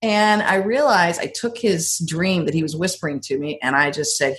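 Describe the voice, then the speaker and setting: A middle-aged woman in a casual advice conversation, telling personal stories and acting out quoted lines with lively jumps in pitch. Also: moderate pace, hardly any pauses. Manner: animated storyteller, acts out quotes with big pitch jumps.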